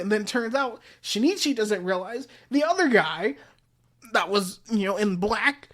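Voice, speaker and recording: A man's voice: high-pitched, animated, unhurried, a bit bright. A man hosting a show, casually retelling a comic story in a slangy, rambling way. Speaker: podcast host.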